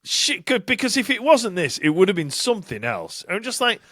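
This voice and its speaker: A man's voice: high-pitched, very animated, brisk, a bit bright, no echo, clean studio sound. A middle-aged British man co-hosting a podcast, talking casually with indignant, sweary energy. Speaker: podcast co-host. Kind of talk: casual chat.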